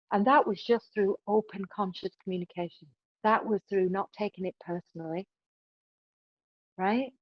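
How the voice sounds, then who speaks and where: A woman's voice: medium pitch, no echo. Woman giving advice, dull dry audio. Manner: emphatic, keeps adding "right?". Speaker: podcast guest. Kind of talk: relationship advice conversation.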